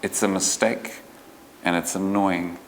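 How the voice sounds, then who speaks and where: A low-voiced man presents his research at a conference in a loose, joking, colloquial way, breaking off and restarting his sentences. His voice rings with the long reverb of a big lecture hall. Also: fairly even intonation, unhurried, a little hiss or hum. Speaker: conservation researcher giving a talk.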